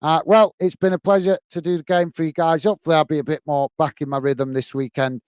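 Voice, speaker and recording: A man's voice: fairly high pitch, level tone, fast, darkish tone, clear, resonant tone, no room sound. A tired man hosting a football live stream, reading viewer comments and signing off friendly with lots of fillers. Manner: friendly, repetitive sign-offs, many fillers. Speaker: football channel host.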